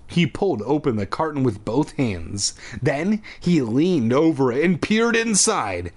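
A man's voice: medium pitch, big pitch swings, slow pace. A man hosting a podcast, reading a spooky children's book aloud with irreverent, profane comic asides.

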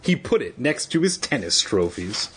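A man reads a spooky children's book aloud in a husky voice with a lively, swooping pitch. He keeps the telling playful and irreverent. He often breaks off into joking wisecracks. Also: normal speed. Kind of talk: comic read-aloud with crude asides.

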